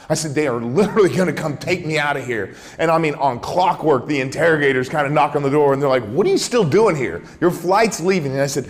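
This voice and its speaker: Man telling a war story in a hall. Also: brisk. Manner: acts out dialogue, dropping low and soft for tense quotes. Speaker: keynote speaker. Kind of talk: dramatic storytelling talk. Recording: reverberant hall.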